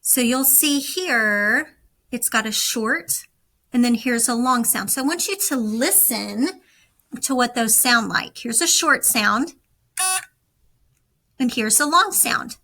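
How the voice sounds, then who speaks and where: A woman teaching a recorded lesson, speaking slowly and deliberately to young students. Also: a little high, lively intonation, sharp tone, poor audio. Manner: slow, deliberate, instructive.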